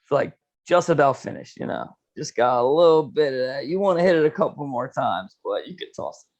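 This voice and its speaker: A man's voice: medium pitch, expressive, brisk, a little mellow, lo-fi sound. A young man and podcast host telling a long story in a laid-back, profane way, full of "dude" and "you know". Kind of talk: casual storytelling chat.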